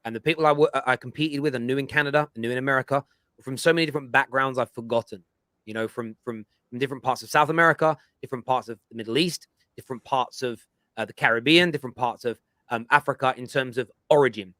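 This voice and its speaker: A man's voice: medium pitch, fast talker, dry recording. A man hosting a football fan show, explaining his points emphatically and at length in casual chat. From England. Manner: emphatic, lecturing, animated.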